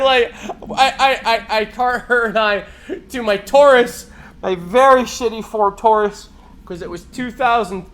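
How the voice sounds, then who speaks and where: A man in his forties, a live streamer, telling a story in a casual, animated and profane way with frequent laughs. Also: high-pitched.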